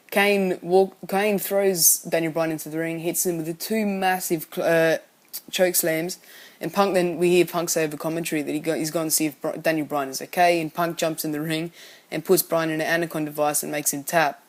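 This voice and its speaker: A man giving a casual spoken recap of a wrestling show, rambling and often correcting himself as he goes. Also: fairly high pitch. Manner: rambling, frequently self-correcting.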